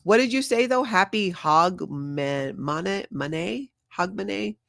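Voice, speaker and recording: Older woman, casual livestream chat, dry close sound, medium pitch, laughs a lot. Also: animated, slow, creaky, fairly bright tone, dry recording. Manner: chatty, laughs often, reads viewer comments aloud. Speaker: livestream host.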